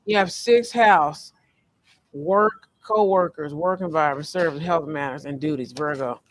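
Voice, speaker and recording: A man giving a casual, rambling tarot reading from a fast-food restaurant, full of fillers and restarts. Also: fairly high pitch, a bit bright. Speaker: tarot reader. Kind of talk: casual spiritual card reading vlog.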